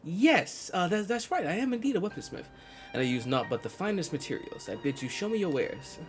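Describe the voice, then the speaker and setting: A young male scholar in a game cutscene, pretending to be a weaponsmith. His speech is formal and stiffly polite, and his pitch swings widely. Faint music plays underneath. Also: big pitch swings, fairly quick. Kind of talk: video game cutscene dialogue.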